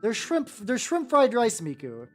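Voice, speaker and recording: A woman streamer paints miniatures and rambles casually, joking self-deprecatingly. Her voice sits on the high side with huge pitch swings and an unhurried pace, and there's faint music behind her.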